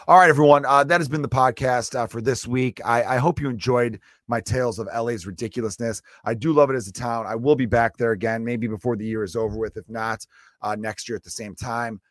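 A man hosting his own comedy podcast, rambling and joking through a solo monologue with animated asides. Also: mid-range voice, no room sound, studio quality.

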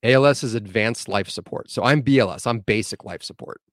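A man guesting on a podcast as a medic, telling a story in casual, animated chat with plenty of swearing. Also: fairly low pitch, brisk, no room sound, clean studio sound.

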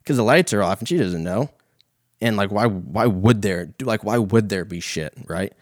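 Deep-voiced man, dry close sound, rambling profane storyteller with lots of "like" and "you know". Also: normal speed, no room sound. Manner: rambling, profane, filler-heavy. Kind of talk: casual storytelling.

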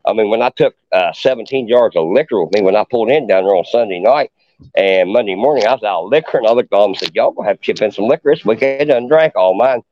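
A man's voice: lowish voice, expressive, fast, dry recording. A middle-aged man, a podcast guest telling a long story in a boastful, profane hillbilly way. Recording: dull lo-fi podcast audio.

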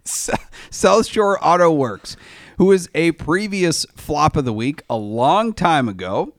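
A man's voice: a little high, animated, unhurried, no echo. A man hosting a casual automotive talk show, telling stories in a blunt, joking way with casual slang. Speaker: podcast host. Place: podcast studio.

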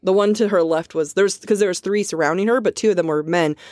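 A woman's voice: mid-range voice, fast, a little mellow, dry recording, clean studio sound. A woman co-hosting a podcast, tipsy, chatting casually and laughing a lot as she rambles. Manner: giggly, laughs often, rambling. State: drunk. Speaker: podcast co-host.

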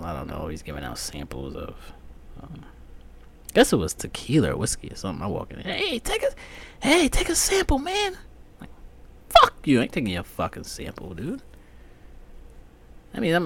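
A man hosting a casual comedic podcast monologue, rambling profanely with frequent fillers and sudden loud outbursts. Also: sits low. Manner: frequent fillers like um and you know. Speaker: podcast host.

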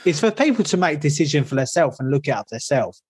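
A man's voice: a little high, very animated, fast talker, darkish tone, slightly rough, dry recording. A man co-hosting a podcast, chatting casually in an easygoing, agreeable way. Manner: easygoing, agreeable, laughs along. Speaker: podcast co-host. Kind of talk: casual chat.

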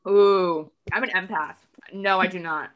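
A woman chatting as a podcast guest, talking in a loose, fast way with many "like" fillers and acting out quotes in lively voices. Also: lowish voice, dull audio. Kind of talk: casual podcast conversation.

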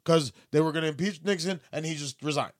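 A man's voice: on the high side, fast talker, no room sound, clean studio sound. A young man co-hosting a podcast, talking politics with sarcasm, swearing and lots of fillers. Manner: profane, sarcastic, trailing off with fillers. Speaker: podcast co-host. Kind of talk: casual political chat.

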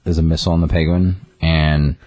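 A man's voice: extremely low pitch, a little fast, no echo. A man retelling comic book scenes in casual chat, acting out the characters as he goes. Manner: animated storytelling, acting out characters. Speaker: comic book podcast co-host.

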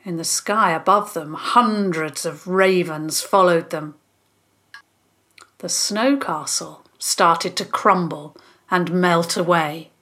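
Slow expressive woman storyteller. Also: fairly low pitch. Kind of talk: scripted narration of a children's story.

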